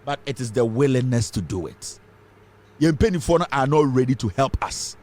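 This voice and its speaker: A man's voice: medium pitch, lively intonation, moderate pace, darkish tone. A man from Ghana with a Ghanaian accent, giving fiery political commentary full of rhetorical questions. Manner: fiery, rhetorical questions, mixes English and Twi.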